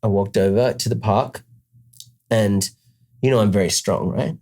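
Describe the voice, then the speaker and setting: A man's voice: lowish voice, steady tone, moderate pace, darkish tone. A man with an Australian accent telling a rambling comic story in a casual chat, full of restarts.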